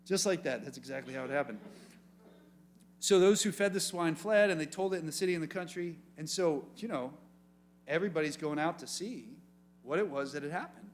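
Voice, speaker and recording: A man with a higher-than-usual voice delivers a youth sermon as animated storytelling. He jumps into comic voices and throws questions out to the room. He sounds like a youth pastor speaking to teenagers. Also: a little fast, slight background noise.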